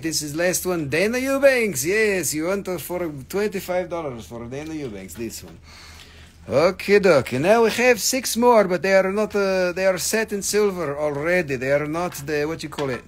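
A man's voice: medium pitch, vocal fry, a little hiss or hum. A man running a live online gem sale, chatting casually, joking, rambling and swearing as he shows the stones. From United States. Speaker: live-stream gem seller. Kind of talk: casual live sales chat.

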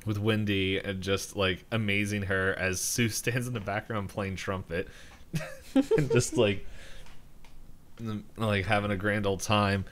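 Lowish-voiced man rambling through a recap. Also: steady tone, unhurried, fairly bright tone, slight background noise. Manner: rambling, laughs often, quotes characters in raised voices. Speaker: podcast co-host. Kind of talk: casual chat recapping an episode.

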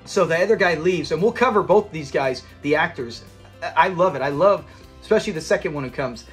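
A man's voice: a little high, animated, brisk, faint music behind. A man recapping a sitcom episode in a casual, enthusiastic, rambling way. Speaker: episode reviewer.

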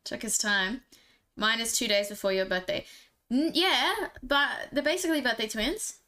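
A young woman chatting away on a live stream, jokey and quick to giggle. Her voice sits a little high and rings bright and clear. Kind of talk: casual live-stream chat.

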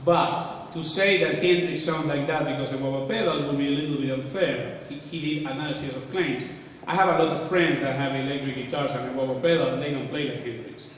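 A man's voice: mid-range voice, fairly even intonation, a little fast, few pauses, recorded from a distance, slight background noise. A man giving an informal, irreverent architecture lecture, sometimes swearing, in a large lecture hall. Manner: casual, irreverent, occasionally swearing. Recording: echoey hall, voice from afar.

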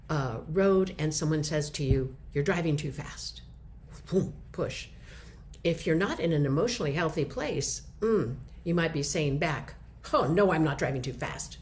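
A woman's voice: sits low, a little mellow, a little hiss or hum. A middle-aged woman giving a conversational lesson, explaining ideas with short acted examples. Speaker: communication teacher. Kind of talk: instructional talk to camera.

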